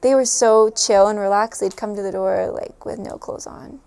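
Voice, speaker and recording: At a normal pace, a woman with a mid-range, fairly even voice recounts her stay overseas to the camera. Her delivery is smooth and a little mellow with vocal fry, and she laughs often and fills pauses with ums and likes.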